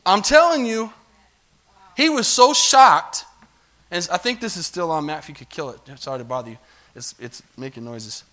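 In a church sanctuary, a pastor with a bright, forceful voice on the high side preaches at a moderate pace. He tells a story loosely and conversationally, calling out for amens.

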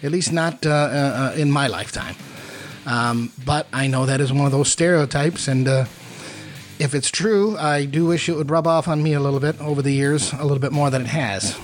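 A man's voice: medium pitch, normal speed. A man telling a rambling, self-mocking story in a casual monologue, with many fillers. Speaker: podcast host. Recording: faint guitar music behind.

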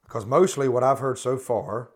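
A man's voice: mid-range voice, normal speed. A man hosting a podcast, giving critical religious commentary and hammering the same rhetorical questions while often restarting his sentences. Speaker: podcast host.

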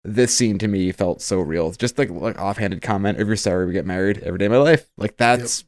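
A man's voice: on the low side, fairly quick, dry recording, studio quality. A married man co-hosting a podcast, joking and swearing in casual chat and often slipping into silly voices. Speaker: podcast co-host.

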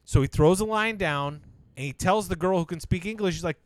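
A man in casual podcast chat, retelling a show's plot with lots of swearing and excited jumps in his voice. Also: normal speed, dry recording. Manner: animated storyteller, swears a lot, jumps high when excited. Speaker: podcast co-host.

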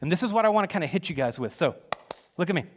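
Animated conversational male preacher. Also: high-pitched, rapid-fire, slight background noise. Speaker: pastor. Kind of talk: sermon.

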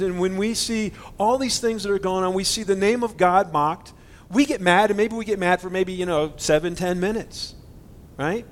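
A man's voice: high-pitched, slight background noise. A man preaching a conversational sermon, earnest and indignant, speaking to his listeners directly. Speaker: pastor.

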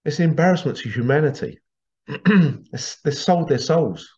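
A man's voice: a little high, lively intonation, normal speed, darkish tone, muffled recording. A man hosting a podcast monologue, ranting in an indignant, sarcastic way and swearing casually. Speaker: podcast host.

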